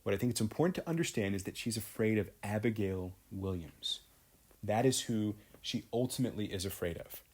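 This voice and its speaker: A man's voice: lowish voice, brisk, a little mellow. A man teaching a literature lesson, explaining a play in detail and often checking in with "right?". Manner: explanatory, frequent tag questions.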